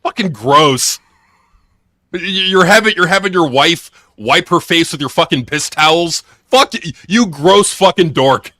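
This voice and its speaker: A man's voice: a little high, animated, a little slow, bright, forceful tone, no echo, studio quality. A man co-hosting a wrestling news podcast, sneering, swearing and laughing while he mocks the subjects. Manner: profane, sneering, laughs often. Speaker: podcast co-host. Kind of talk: crude casual news chat.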